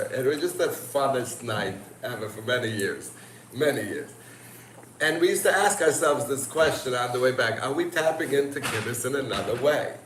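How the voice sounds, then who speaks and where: A man's voice: medium pitch, a bit bright. Man musing in an echoey distant room. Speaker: participant in a group chat. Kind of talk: casual livestream conversation. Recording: echoey room, far from mic, noisy.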